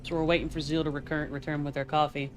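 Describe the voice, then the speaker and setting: A man's voice: fairly high pitch, flat delivery, fast, soft background music. A male streamer chatting casually and teasing his viewers, laughing often while a game plays. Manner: playful, teasing chat with lots of laughter. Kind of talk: casual live-stream chat.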